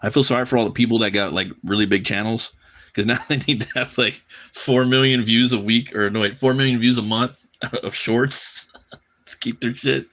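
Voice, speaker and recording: A man's voice: mid-range voice, steady tone, moderate pace, a bit bright. A man chatting casually on a live drawing stream, loose and profane, often repeating his words as he rambles. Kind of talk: casual chat while drawing.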